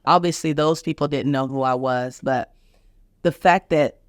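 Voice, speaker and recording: A woman's voice: low-pitched, moderate pace, no echo, clean studio sound. Earnest middle-aged woman telling a vivid story. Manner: vivid, emphatic retelling, acting out each voice; earnest, openly emotional. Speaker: physician podcast host. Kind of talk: personal storytelling on a podcast.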